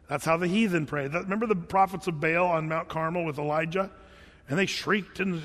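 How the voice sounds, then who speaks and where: A man teaching from the Bible in a casual, conversational sermon style, animated and acting out the people he quotes. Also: sits high, in a large hall.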